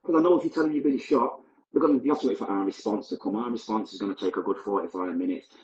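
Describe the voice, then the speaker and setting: A man's voice: lowish voice, racing, a little mellow, echoey room, highs cut off, slight background noise. A man, a podcast guest, recounting his past in a candid, vivid, blunt present-tense way. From Manchester, England. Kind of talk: personal storytelling.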